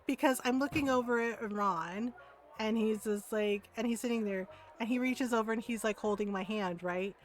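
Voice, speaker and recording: A woman with a fairly high voice chats as a streamer, spinning a home story in a loose, animated way. She laughs often and leans on fillers and tag questions. Faint music plays behind her. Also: moderate pace. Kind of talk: casual storytelling chat.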